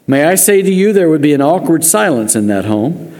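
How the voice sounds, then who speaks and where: Male pastor, earnest sermon with wry asides, warm tone, reverberant church. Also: fairly high pitch, animated, normal speed. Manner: earnest, with dry joking asides. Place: church sanctuary. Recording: long reverb of a church hall.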